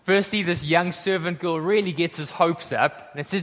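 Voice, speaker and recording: High-voiced man preaching in a hall. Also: moderate pace, fairly bright tone. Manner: conversational, checks in with "okay?" and "right?". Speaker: pastor. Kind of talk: sermon. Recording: long hall reverb.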